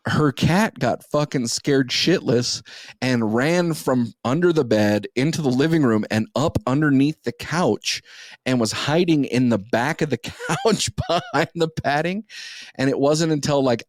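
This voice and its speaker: A man's voice: medium pitch, no echo, studio quality. A young man hosting a podcast, telling a crude, rambling story in a casual, profane way. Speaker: podcast host.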